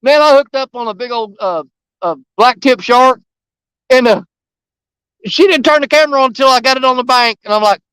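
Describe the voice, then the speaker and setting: A man with a drawl talks to his viewers in a high, excitable voice, folksy and full of enthusiasm. He sits outdoors by a river, and his voice is picked up close and dry. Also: a little fast, clear, resonant tone, no echo, poor audio. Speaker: fishing live streamer. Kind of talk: casual chat to viewers on a live stream.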